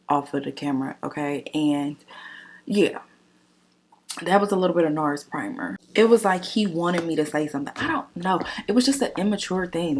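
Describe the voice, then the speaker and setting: A woman's voice: sits low, husky. A young woman vlogger chatting casually while doing her makeup, telling a dating story bluntly and animatedly, with lots of swearing. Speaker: beauty vlogger.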